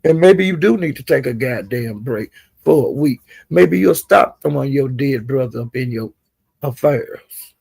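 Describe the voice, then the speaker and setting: Gravelly man dishing profane gossip. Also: medium pitch, expressive, unhurried, a little mellow, no echo. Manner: talks straight to the people discussed. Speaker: commentator on online live streams. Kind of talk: casual gossip commentary.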